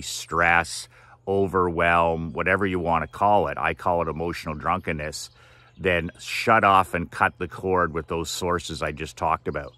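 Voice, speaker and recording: A man's voice: sits low, bright, forceful tone, no room sound. A man giving a direct-to-camera motivational monologue, emphatic and repetitive with a preachy tone. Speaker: motivational speaker.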